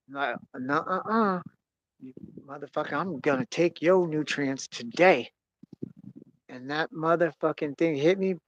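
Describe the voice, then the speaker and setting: Young male podcast host, a bit high-pitched, excitable and crude, swings loud to soft, dead dry mic. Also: dry recording, lo-fi sound. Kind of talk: casual storytelling chat.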